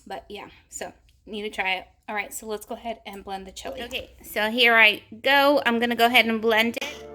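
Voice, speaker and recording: A woman's voice: a little high, fairly even intonation, fairly quick, soft background music. A young woman hosting a home cooking vlog, talking casually to her viewers with lots of fillers as she cooks in her kitchen. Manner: chatty, warm address to viewers with frequent fillers. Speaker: cooking vlogger.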